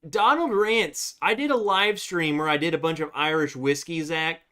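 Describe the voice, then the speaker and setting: A man's voice: on the high side, moderate pace, sharp tone. A man casually chatting on a live stream, rambling with lots of fillers and restarts. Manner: rambling, filler-heavy, baby talk to his dog.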